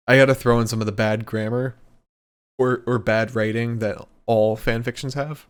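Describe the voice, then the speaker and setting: A man's voice: medium pitch, steady tone, normal speed, smooth. A man co-hosting a podcast, playful and self-mocking as he reads comic fan fiction aloud. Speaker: podcast co-host.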